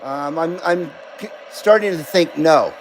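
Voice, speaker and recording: Radio stream host guy, high voice, loose and jokey, little faint hiss behind. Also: unhurried, low-quality recording. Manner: chatty, laughs often, reads viewer comments aloud. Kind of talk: casual live-stream chat.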